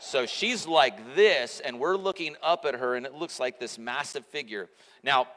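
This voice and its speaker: A pastor in his forties delivers a chatty sermon in a church auditorium, his mid-range, slightly bright voice moving at a moderate pace. The echoey hall adds long reverb as he tells conversational, self-mocking stories.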